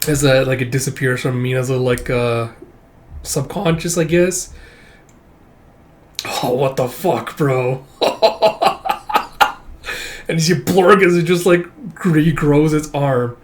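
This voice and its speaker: A man's voice: medium pitch, steady tone, a little slow. Rambling man reading a comic aloud. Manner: rambling, frequent fillers, casual swearing. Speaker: manga read-through channel host. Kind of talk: casual reading commentary.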